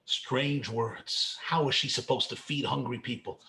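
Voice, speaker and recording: A man's voice: medium pitch, steady tone, measured pace, bright, forceful tone, roomy sound, a little hiss or hum. A man from New York, a rabbi, telling a story in a lecture with rhetorical questions and chuckles at his own jokes.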